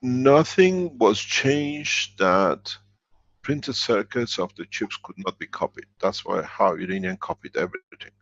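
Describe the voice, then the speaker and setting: A man with a low, gravelly voice fields questions in an online workshop. He is blunt and joking, and his English is halting. The sound is dry and dull, like lo-fi video call audio. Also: animated, a bit bright. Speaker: workshop speaker. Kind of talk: live online Q&A talk.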